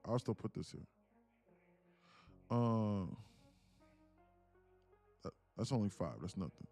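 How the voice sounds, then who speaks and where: A man live-streaming futures trades, talking fast and loose with lots of fillers as he explains charts. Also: lowish voice, faint music behind. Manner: rambling, heavy use of "like", animated. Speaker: day trading streamer. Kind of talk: live trading stream talk.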